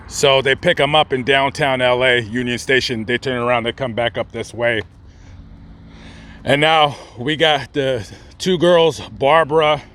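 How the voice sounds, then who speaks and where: Field: Bright-voiced man telling a story outdoors. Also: mid-range voice, a little hiss or hum. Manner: conversational, with restarts and asides to the listener. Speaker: host. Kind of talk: casual on-location storytelling.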